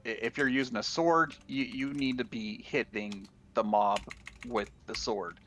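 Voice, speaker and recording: A man's voice: mid-range voice, fairly even intonation, measured pace, a bit bright. A man co-hosting a gaming podcast, talking casually and rambling, with frequent restarts. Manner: rambling, restarts often, laughs while talking. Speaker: podcast co-host.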